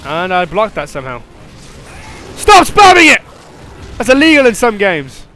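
Young male gamer, bright high voice, jumpy and jokey, shrieks mid-fight. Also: normal speed, a little hiss or hum. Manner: excitable, yelping and laughing, swings from mutters to shrieks; joking, rambling banter at the game's monster. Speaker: gameplay commentator. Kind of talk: live gameplay commentary.

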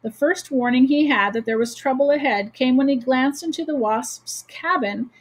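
A woman teacher reads a children's chapter book aloud with steady, expressive storytelling. Her voice sits a little high and has a husky, breathy edge. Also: moderate pace, low-quality recording.

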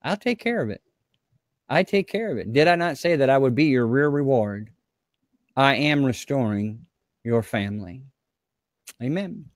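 A man's voice: medium pitch, animated, normal speed, no echo, clean studio sound. A man preaching as a guest pastor, fervent and repetitive, often speaking in the voice of God to his viewers.

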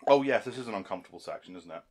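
A man's voice: lowish voice, expressive, racing. A man giving a rambling, sarcastic film commentary and laughing often. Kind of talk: casual film commentary chat.

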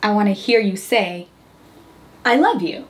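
A woman's voice: medium pitch, animated, a little slow. A woman in a comedy skit, talking in an insistent, exasperated way as she pushes her partner.

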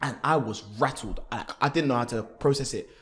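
A young man, a guest athlete talking candidly and casually on a podcast, laughing now and then. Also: mid-range voice. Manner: slangy, fast and open, laughs often.

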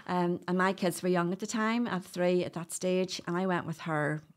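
A woman's voice: fairly low pitch, fairly even intonation, moderate pace. A middle-aged woman with a Northern Irish accent, chatting as a podcast guest and telling stories with frequent laughs. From Northern Ireland. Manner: chatty, storytelling, laughs often. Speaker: guest doula. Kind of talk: casual podcast interview.

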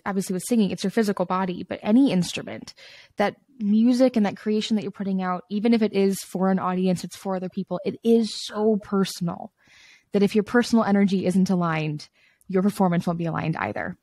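A woman's voice: medium pitch, steady tone, fairly quick, mellow, no room sound. A woman hosting a podcast interview, reflective and affirming toward her guest. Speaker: podcast host.

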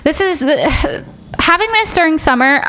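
A young woman chatting casually as she streams a life-simulation game, excitably telling her characters what to do. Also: high voice, unhurried. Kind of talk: casual gameplay commentary.

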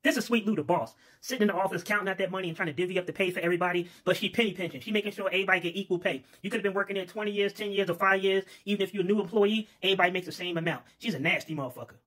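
A man's voice: high-pitched, racing, hardly any pauses, fairly bright tone. A man telling an improvised comic tale in a profane, rambling, casual way. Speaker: storyteller. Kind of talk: comedic improvised storytelling.

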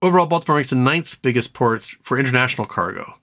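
A man's voice: expressive, quick pace, a bit bright. Chatty man streaming live. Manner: rambling, jokey, talks to his dog in a high baby voice. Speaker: livestream host. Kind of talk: casual live stream chat.

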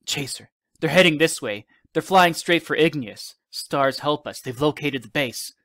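A man performs an urgent female dispatcher, pitching his voice above his own natural range. The result is on the high side, a bit bright, at normal speed with lively intonation.

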